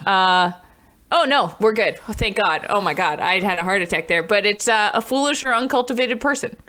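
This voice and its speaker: A woman co-hosting a casual sports podcast, bantering quickly and laughing often. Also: medium pitch, animated, pushed and bright. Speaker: podcast co-host.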